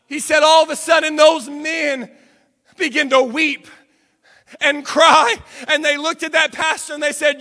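A man's voice: very high-pitched, little pitch movement, measured pace, bright, forceful tone, big-room sound. A man preaching a sermon, telling a story dramatically. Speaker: pastor. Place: church sanctuary.

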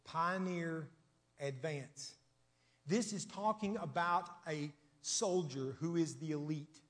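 A man's voice: a little high, slow pace. Preaching man in an echoing church. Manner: emphatic preaching, swinging between loud declarations and hushed asides; repetitive, rhythmic phrasing. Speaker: pastor. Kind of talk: sermon. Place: church sanctuary. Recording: long church reverb.

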